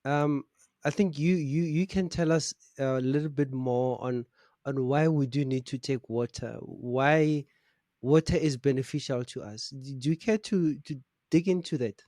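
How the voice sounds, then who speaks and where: A South African man hosting a talk show, introducing the topic and guest in a relaxed, playful way. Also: medium pitch, a little slow, dry recording, studio quality. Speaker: show host.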